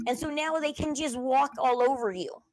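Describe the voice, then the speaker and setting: High-voiced chatty woman commentator. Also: normal speed, darkish tone, no room sound. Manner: chatty and rambling, acts out quoted people. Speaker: commentary channel host. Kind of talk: casual commentary while browsing on screen.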